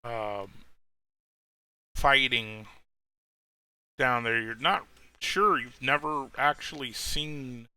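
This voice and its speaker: A man's voice: mid-range voice, drawn-out words, long pauses, sharp tone, smooth, no room sound. A man narrating as game master of a tabletop game, rambling, with many fillers and restarts.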